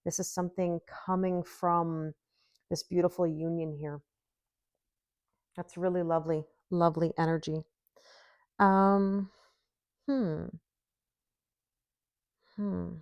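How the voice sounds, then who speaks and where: A woman's voice: on the low side, fairly even intonation, slow pace, long pauses, a little mellow, no room sound. A woman doing a solo tarot reading, chatty and giggly, musing aloud with lots of hmms. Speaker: tarot reader.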